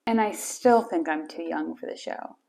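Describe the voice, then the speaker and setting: A woman's voice: sits low, moderate pace, creaky, warm tone. A young woman from Wisconsin hosting her own small talk show, chatty and playfully teasing. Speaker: host. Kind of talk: casual solo talk show.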